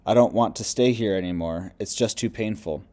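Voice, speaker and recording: A man's voice: moderate pace, natural voice. A man reading as a lost, bitter male spirit. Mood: hopeless. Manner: low, subdued, quiet delivery.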